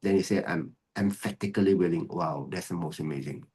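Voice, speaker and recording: A Buddhist teacher gives an earnest, emphatic dharma talk over a video call, often repeating key words and switching into Mandarin. His voice is low, mellow and fairly quick, with a breathy edge.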